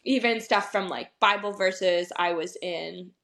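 A woman's voice: on the low side, a little slow, fairly bright tone. A young adult woman, a podcast guest, telling her story in a casual, chatty way, full of "like" fillers and small laughs. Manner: chatty, heavy use of "like" fillers, laughs often.

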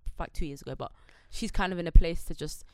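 A young woman with an Australian accent, co-hosting a casual pop-culture chat, talking quickly and with strong opinions. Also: fairly low pitch, no room sound. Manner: fast, animated, opinionated. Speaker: podcast co-host.

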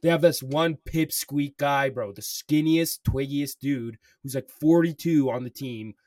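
A man's voice: medium pitch, unhurried, darkish tone, no room sound, clean studio sound, far from the mic. A young man co-hosting a podcast, telling a story in casual chat, swearing often and filling with "like" and "bro". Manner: swears a lot, says "bro" and "like" constantly. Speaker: podcast co-host.

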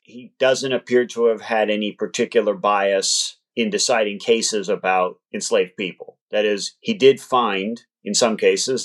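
A man, an author who studied law, giving thoughtful, measured answers as an interview guest. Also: on the low side. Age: adult, past law school.

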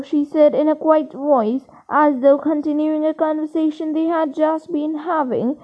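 High-voiced woman reading a novel. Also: fairly even intonation, a little slow, narrow, tinny audio. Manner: plain reading with occasional slips and restarts. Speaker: audiobook reader.

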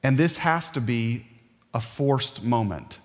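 A man preaching a sermon as a pastor, earnest and emphatic, with dramatic pauses. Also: mid-range voice, animated. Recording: long hall reverb.

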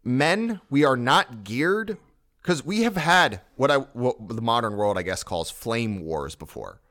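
A man's voice: mid-range voice, lively intonation, measured pace, a bit bright. A man co-hosting a podcast who talks in lecturing, declarative pronouncements during casual chat.

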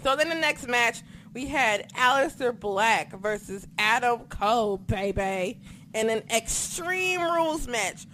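Excitable, foul-mouthed high-voiced woman. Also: takes it slowly, a little hiss or hum. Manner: profane, excitable, animated storytelling. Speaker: podcast co-host recapping wrestling. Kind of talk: casual chat. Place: home apartment.

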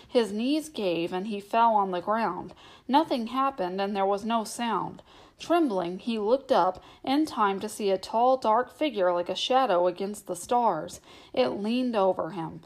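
A woman narrates a novel aloud in a steady, measured storytelling manner. Her voice sits at a middling pitch for a woman, and she reads unhurriedly. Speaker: audiobook narrator.

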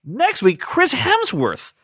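A man's voice: extremely high pitch, huge pitch swings, takes it slowly, bright, forceful tone, husky, no echo, clean studio sound. A man hosting a podcast in casual chat, playful, with frequent stammering restarts. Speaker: podcast host.

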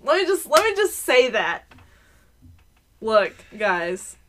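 A woman's voice: a little high, sing-song, takes it slowly, a bit bright, slight background noise. A woman in her twenties chatting casually on a podcast, blunt and profane, mimicking customers as she vents. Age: 20s. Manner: blunt, profane, mocks customers in put-on voices. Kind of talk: casual chat.

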